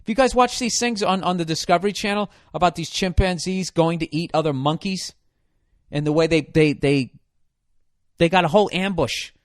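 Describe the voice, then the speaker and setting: A man hosting his own podcast, going off on a foul-mouthed comic rant, exasperated and swearing freely. His voice sits a bit high, and the sound is dry and close to the mic. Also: normal speed, dry recording. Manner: profane, ranting, exasperated. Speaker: podcast host. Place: hot room.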